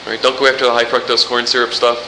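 Male pastor, animated and jokey sermon delivery, bright tone, roomy reverb. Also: mid-range voice, fast talker, a little hiss or hum. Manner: animated, jokey preaching with rhetorical questions.

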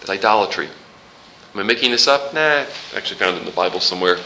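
Male pastor, animated and jokey sermon delivery, bright tone, roomy reverb. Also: on the low side, racing, slight background noise. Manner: animated, jokey preaching with rhetorical questions.

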